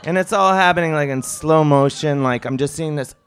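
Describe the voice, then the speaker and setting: A man telling a comic story on stage, rambling and animated, with lots of fillers and asides. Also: fairly high pitch, a little fast, slight background noise. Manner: rambling, animated, self-mocking with many fillers. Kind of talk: stand-up storytelling.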